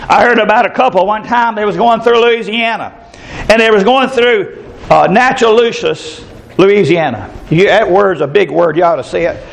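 A man preaches a sermon with a folksy, storytelling manner. His voice sits high for a man, and he slips into the voices of the people in his anecdotes. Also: moderate pace, gravelly, low-quality recording. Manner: folksy, storytelling, acts out characters in stories.

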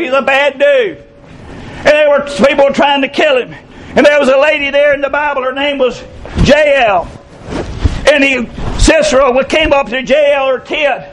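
A man, preaching a folksy sermon, stretching key phrases slowly and breaking into shouts. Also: extremely high pitch, a little hiss or hum, low-quality recording. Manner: folksy storytelling preacher, drawn-out emphatic phrases, bursts of shouting. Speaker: pastor.

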